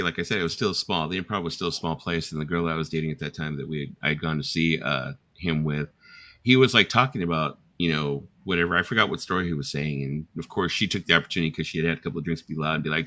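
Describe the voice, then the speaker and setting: A man's voice: low voice, bright, forceful tone. A man hosting a casual late-night chat, telling rambling stories with swearing and laughter. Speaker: host.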